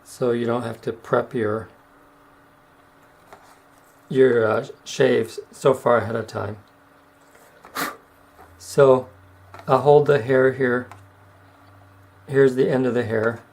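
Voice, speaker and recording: A middle-aged man giving casual step-by-step how-to narration while demonstrating razor honing, unhurried and plain-spoken. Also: medium pitch, fairly even intonation, a little mellow, a little hiss or hum, rough recording. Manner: unhurried, explains step by step with fillers.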